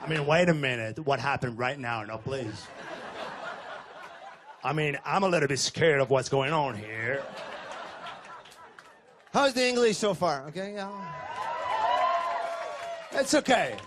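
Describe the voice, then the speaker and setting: A man's voice: on the high side, animated, measured pace, long pauses, crowd noise. A man with a French accent doing stand-up comedy, telling self-deprecating stories in a wry way. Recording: noisy club recording.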